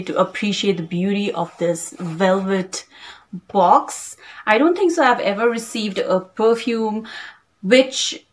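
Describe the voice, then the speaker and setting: A woman vlogger reviewing a perfume in a casual, gushing way, piling on drawn-out praise and often checking in with "okay?" and "like". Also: mid-range voice.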